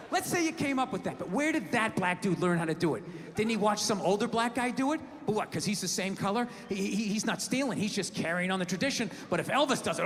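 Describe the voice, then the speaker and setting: Ranting, high-voiced male stand-up comic. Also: lively intonation, fast, few pauses, fairly bright tone. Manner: ranting, profane, exasperated. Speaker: stand-up comedian. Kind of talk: stand-up routine. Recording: live hall with crowd noise.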